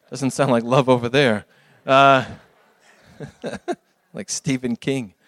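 A man's voice: medium pitch, steady tone, extremely slow, a bit bright, no echo, clean studio sound. A man giving an earnest church talk with slides, telling stories in a rambling way with many restarts. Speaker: ministry speaker.

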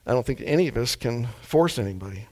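A mild-mannered man delivering a sermon at an easy, laid-back pace. His pitch sits in an ordinary middle range for a man, neither deep nor high. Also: expressive, fast talker, a little mellow. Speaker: preacher.

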